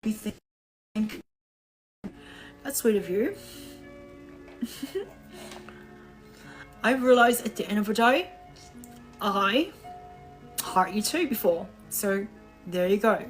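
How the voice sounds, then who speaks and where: A tired woman hosting a casual live-stream chat, pausing often to rest her voice and thanking viewers. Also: mid-range voice, expressive, faint music behind, low-quality recording. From Australia. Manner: slow, breathy pauses, thanking viewers. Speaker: livestream host.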